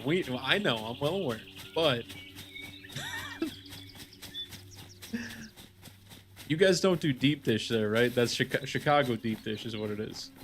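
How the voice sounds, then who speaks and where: A man in his thirties streams games live, chatting casually as he rambles and swears through mock rants. His voice sits at medium pitch with a fairly bright tone, and there's a little hiss or hum in the recording.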